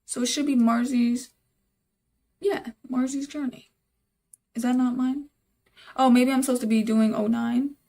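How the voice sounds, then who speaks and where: A woman's voice: on the high side, steady tone, measured pace, pauses often, warm tone. A young woman live-streaming while she codes, thinking aloud, repeating herself, and talking to her chat in casual, easily exasperated chatter.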